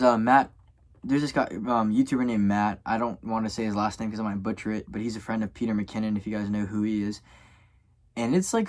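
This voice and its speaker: A young man from Louisiana speaks to his camera. He rambles and keeps correcting himself, stopping often on fillers. He sounds tired, like someone who keeps yawning. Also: mid-range voice. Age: young adult. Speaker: college student vlogger. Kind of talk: casual vlog talk to camera.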